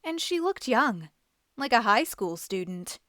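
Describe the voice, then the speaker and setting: Animated woman reading a children's story. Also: a little high, a little slow, no echo, clean studio sound. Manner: animated, expressive. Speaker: host and storybook reader.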